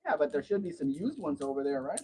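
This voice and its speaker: A man's voice: fairly high pitch, big pitch swings, quick pace, warm tone, a little hiss or hum, rough recording. A man hosting a casual livestream from home, telling long rambling stories in a chatty way. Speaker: livestream host.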